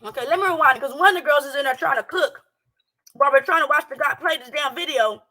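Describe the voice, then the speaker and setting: Brash, high, bright-voiced woman ranting. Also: fast talker. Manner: brash, profane, heated ranting. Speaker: reaction commentator. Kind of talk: casual reaction commentary. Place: home, a townhouse. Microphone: streaming setup with speakers playing a clip.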